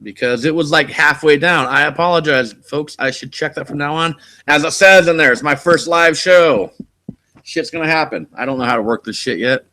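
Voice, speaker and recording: On his casual live stream, a man from California talks at normal speed in a fairly high, pushed and bright voice. The channel host rambles through laid-back stories, swearing often, into a desk mic.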